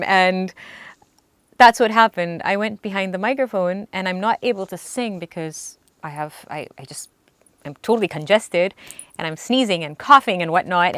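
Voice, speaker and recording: Woman, singer, young adult, earnest storytelling, halting restarts, crisp tone, close and dry. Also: medium pitch, a bit bright, no echo. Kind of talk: storytelling interview recollection.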